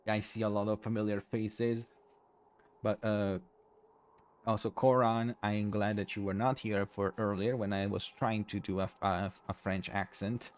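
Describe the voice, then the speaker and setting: A man with a fairly low voice hosts a late-night game stream, rambling to chat and giggling through his apologies. He sounds tired and drained, yet keeps the talk going. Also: a little mellow. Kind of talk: casual live-stream chat.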